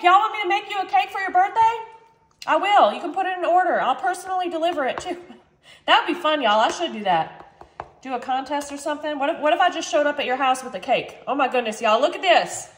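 Bubbly high-voiced woman vlogger. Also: expressive, a little fast, fairly bright tone, echoey room. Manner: chatty, bubbly, constantly addresses viewers as y'all. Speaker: vlog host. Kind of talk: casual chatty cooking vlog. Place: home kitchen, then a sunny backyard chicken coop.

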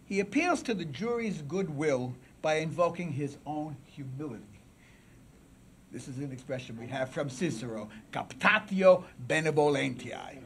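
A man giving a public lecture at a symposium, with dramatic swings from loud declaiming to a near-whisper, and asides to the audience. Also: a little high, moderate pace, a little hiss or hum. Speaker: symposium speaker.

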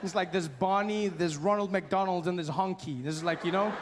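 A male stand-up comedian riffing playfully, full of questions and animated asides. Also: sits high, fairly quick, a little hiss or hum.

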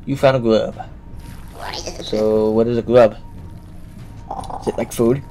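A young man narrates his gameplay with a running stream of jokes and complaints. He bickers with the on-screen characters, mid-pitched and ordinary in tone. Game music plays clearly underneath. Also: steady tone, moderate pace, pauses often, warm tone. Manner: joking, complaining, talks back to the game. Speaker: gameplay commentator. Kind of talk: let's play commentary.

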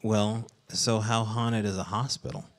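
Male host, low pitch, curious interviewer who keeps things casual. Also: flat delivery, measured pace. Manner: curious, prompting questions, short reactions. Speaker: podcast host. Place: historic castle hotel event room.

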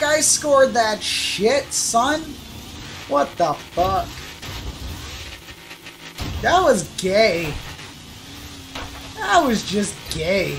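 A woman game streamer drawls her commentary slowly over steady background noise in the recording. She swears freely, trash-talks the other players, and jumps into loud whoops and shouts when the action heats up. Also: medium pitch. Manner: profane trash-talking, bursts into shouts. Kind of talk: live gameplay commentary.

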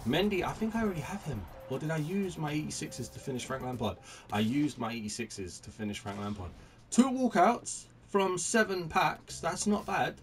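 A man commentating his own video game pack openings, chatty and excitable, greeting each new card like a friend. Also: medium pitch, a little fast, recorded from a distance. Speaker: gaming YouTuber.

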